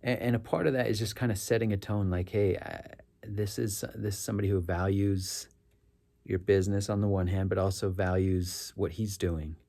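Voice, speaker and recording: Low gravelly man telling a story. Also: fairly even intonation, moderate pace, dark tone. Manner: rambling, self-correcting, earnest. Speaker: rideshare driver sharing stories. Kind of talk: casual reflective storytelling.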